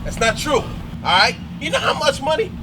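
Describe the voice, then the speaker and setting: A man acting in a comedy skit, talking excitably and tagging lines with "man". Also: very high voice, moderate pace. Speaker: comedy sketch creator. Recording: noisy background.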